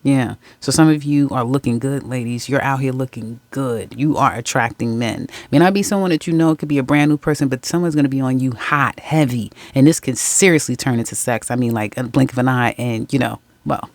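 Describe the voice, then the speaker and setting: Gravelly tarot reader doing a casual reading, dry close sound, laughs a lot, calls everyone guys and baby. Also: medium pitch, fairly quick, few pauses, no echo. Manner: chatty and candid, laughs often, corrects own slips; addresses viewers familiarly as guys, ladies, baby.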